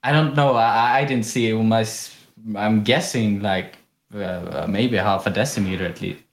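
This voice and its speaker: A man's voice: fairly low pitch, moderate pace. A young man from Sweden co-hosting a casual podcast, telling rambling stories with lots of laughter. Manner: rambling, animated, laughs often. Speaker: podcast co-host. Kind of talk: casual chat, storytelling. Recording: echoey room.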